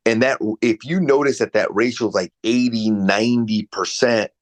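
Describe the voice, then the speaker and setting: A man's voice: mid-range voice, moderate pace. A man coaching a salesperson over a video call, giving direct, conversational feedback. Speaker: real estate sales coach.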